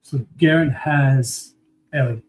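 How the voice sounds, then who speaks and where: Slow-talking man in an echoey room. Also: medium pitch, a little mellow. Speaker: player. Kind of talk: describing his character in a tabletop game.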